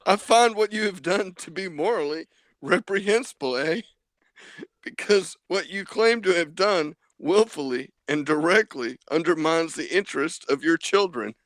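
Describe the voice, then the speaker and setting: A stern hick Canadian judge, put on by a man, scolds from the bench in a high, swooping voice. He speaks slowly, and his formal rebukes end with "eh.". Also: expressive, a bit bright, no echo.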